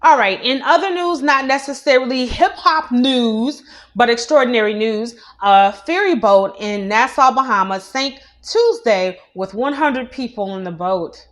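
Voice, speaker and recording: A woman's voice: on the high side, a little slow. A young adult woman hosting a casual celebrity news show, chatty and opinionated, with many asides. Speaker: news host.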